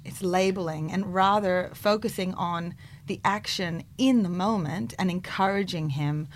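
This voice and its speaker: A woman's voice: lowish voice, a little slow, a little hiss or hum. A woman in her thirties, a clinical psychologist, explaining her views animatedly in a radio interview. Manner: animated, acts out quotes in bright voices.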